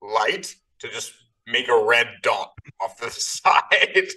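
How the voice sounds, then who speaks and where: A man's voice: medium pitch, lively intonation, takes it slowly, bright, forceful tone. A man playing in a tabletop game, sardonic and swearing freely. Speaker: player. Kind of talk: casual tabletop play.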